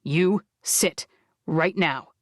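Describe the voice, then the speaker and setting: A woman's voice: on the low side, extremely slow, no echo, studio quality, voice pushed down. Woman voicing a firm, commanding man. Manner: firm, steady orders. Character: commanding man, a calm rancher taking charge.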